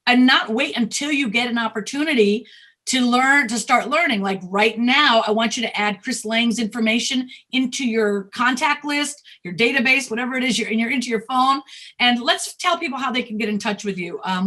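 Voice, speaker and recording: A woman's voice: fairly high pitch, moderate pace, sharp tone. A woman talent manager hosting an interview, asking questions and affirming her guest's answers.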